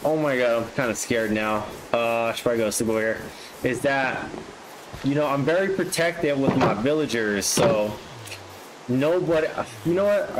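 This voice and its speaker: Excitable man narrating his gameplay. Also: medium pitch, background noise. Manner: excitable, flares up into frustrated outbursts. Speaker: gaming vlogger. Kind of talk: casual gameplay commentary.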